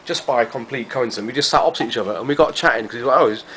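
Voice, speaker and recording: Guy rambling excitedly to camera, keeps repeating himself, bit of background hum. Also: medium pitch, very fast. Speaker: vlogger. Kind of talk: casual chat to camera.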